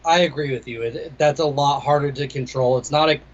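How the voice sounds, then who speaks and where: A man's voice: medium pitch, steady tone, fairly quick. A young adult man, a DJ and producer, chatting casually in an interview, laid-back and rambling with plenty of swearing. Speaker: DJ and music producer, guest. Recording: slightly dull lo-fi audio.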